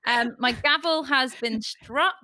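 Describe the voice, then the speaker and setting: A woman's voice: sits high, takes it slowly, bright, forceful tone. A woman hosting a casual podcast and judging her friends' tips, chatty and giggly as she tells stories. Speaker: host and judge.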